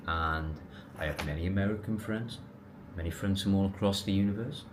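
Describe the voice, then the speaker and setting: A man telling a personal story to camera in a casual, animated, rambling way, restarting and correcting himself. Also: low voice, moderate pace, a little hiss or hum. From England. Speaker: vlogger.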